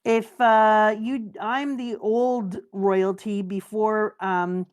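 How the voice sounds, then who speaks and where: A woman's voice: mid-range voice, level tone, very slow. A woman voicing a scheming, flamboyant male pirate ruler in a casual, mocking retelling. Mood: smug.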